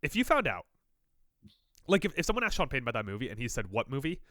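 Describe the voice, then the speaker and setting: A man's voice: medium pitch, wildly swooping pitch, fast, bright, forceful tone, no echo, clean studio sound. A man co-hosting a sports podcast, joking and teasing in casual chat, a little stuffy from allergies. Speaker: podcast co-host.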